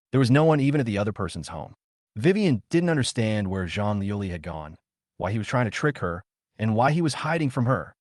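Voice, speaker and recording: A low-voiced man narrating a manhwa recap in a steady storytelling read. His pitch swings widely across phrases. The sound is dry and close-miked. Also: dry recording.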